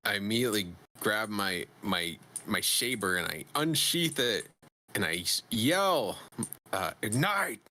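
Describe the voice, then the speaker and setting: A man's voice: fairly low pitch, animated, measured pace, pushed and bright. A man playing a tabletop game, describing his character's actions with many fillers and restarts. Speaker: player.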